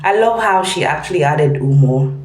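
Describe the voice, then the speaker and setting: A woman host giving a relaxed, laughing commentary on clips she has just watched. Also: deep voice, moderate pace, reverberant, slight background noise, low-quality recording. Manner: laughing, relaxed reaction chat. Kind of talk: casual commentary.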